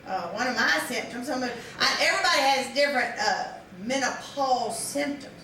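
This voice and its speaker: A woman's voice: sits high, expressive, a little fast, bright, forceful tone, slight background noise. A woman in her fifties doing a live stand-up routine, rambling and self-mocking with lots of fillers and restarts. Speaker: stand-up comedian. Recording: distant echoey live room with audience. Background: audience laughter.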